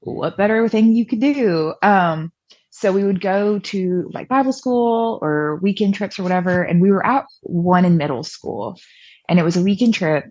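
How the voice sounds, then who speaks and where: Lowish chatty woman telling her story. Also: normal speed, darkish tone, dry recording, muffled recording. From American South. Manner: chatty, self-deprecating, acts out past dialogue. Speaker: podcast guest. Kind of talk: personal storytelling in an interview.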